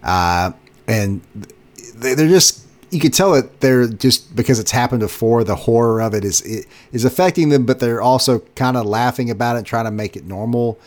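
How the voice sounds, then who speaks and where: A man's voice: mid-range voice, normal speed. A man co-hosting a movie podcast, leading the segments in casual chat and laughing easily. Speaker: podcast co-host.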